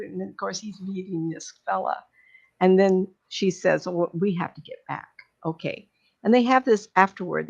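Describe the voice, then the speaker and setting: Older lady medium gushing about a movie, gravelly voice, muffled lo-fi sound. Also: medium pitch. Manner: chatty storyteller, acting out characters' lines with laughs. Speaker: psychic medium guest. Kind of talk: casual movie retelling. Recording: dull lo-fi recording.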